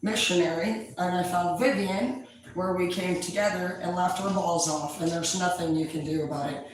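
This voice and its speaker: A woman tarot reader chatting casually to her viewers, rambling, loud and full of swearing. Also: lowish voice, moderate pace. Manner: profane, loud, animated storyteller. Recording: echoey room, distant mic, faint noise.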